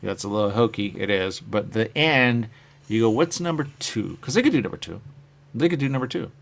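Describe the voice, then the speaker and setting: A man with a low, gravelly voice chats loosely on his live stream, musing aloud about his comic work. He reads out viewer comments and answers them, his sentences wandering and fading off softly at the end. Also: expressive, a little fast. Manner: musing and meandering, trailing off quietly at phrase ends. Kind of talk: rambling casual live-stream chat.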